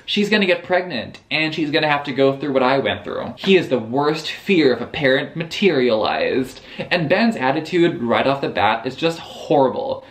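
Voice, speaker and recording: A man chatting casually as a book vlogger, recapping a novel with sarcastic, animated storytelling. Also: mid-range voice, normal speed, hardly any pauses. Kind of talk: casual book review chat.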